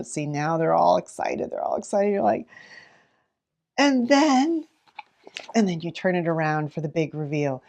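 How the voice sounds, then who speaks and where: Lively low-voiced woman teacher. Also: moderate pace. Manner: animated, dramatic, with gasps. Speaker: teacher and children's librarian. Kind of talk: teaching tips to camera.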